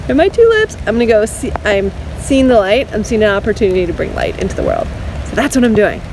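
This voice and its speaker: A woman vlogging outdoors at night in pouring rain, telling an excited, emotional story and getting choked up. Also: mid-range voice, fast talker. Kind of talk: casual vlog monologue. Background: rain and passing traffic.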